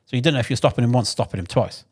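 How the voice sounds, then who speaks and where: An English man telling lively, swear-filled anecdotes from his mechanic days in a casual podcast chat. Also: medium pitch, rapid-fire, breathy edge. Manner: animated anecdotes, swears freely, acts out shouted quotes.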